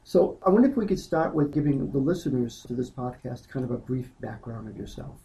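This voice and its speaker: Formal, courteous podcast interviewer, deep-toned and mellow, a touch hesitant. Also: lively intonation, a little fast, poor audio. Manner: polite, formal, slightly hesitant. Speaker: podcast host.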